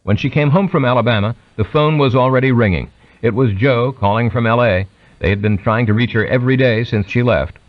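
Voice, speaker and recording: A man narrating an audiobook at a mid pitch. His voice sounds dry, with no room around it, and the recording is slightly dull and muffled. He lifts his pitch when he reads other people's quoted words. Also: a little fast, no room sound. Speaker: audiobook reader.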